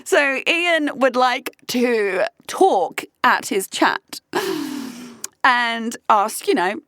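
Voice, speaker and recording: A woman's voice: fairly high pitch, extremely slow, no room sound. A woman hosting a podcast who tells a personal story in a candid, profane way and keeps breaking into laughter. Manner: animated, profane, laughing between lines. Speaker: podcast host.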